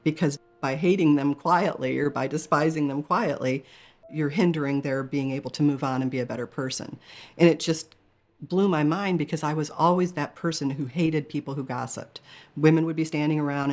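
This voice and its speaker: A woman telling her near-death experience in an interview, earnest and emotional, often quoting others in her own voice. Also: low-pitched. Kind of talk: personal storytelling.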